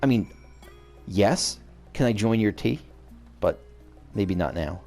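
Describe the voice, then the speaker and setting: A man's voice: fairly low pitch, lively intonation, slow, mellow, soft background music. A man giving casual, rambling, joking commentary while playing a video game. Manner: rambling, joking, many fillers. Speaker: let's play host.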